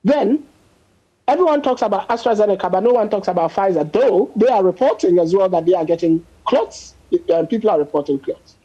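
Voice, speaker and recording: A man's voice: high-pitched, animated, brisk, dark tone, slightly rough, lo-fi sound. A man, a doctor guest on a news panel, arguing his point emphatically with statistics and everyday examples. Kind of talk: panel discussion on a news show.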